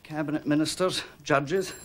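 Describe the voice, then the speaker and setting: A man's voice: on the high side, fairly even intonation, normal speed, a little hiss or hum, natural voice. A man playing a courteous salesman. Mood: polite. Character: polite, flattering shop salesman. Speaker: school outfitter salesman. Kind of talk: television drama acting.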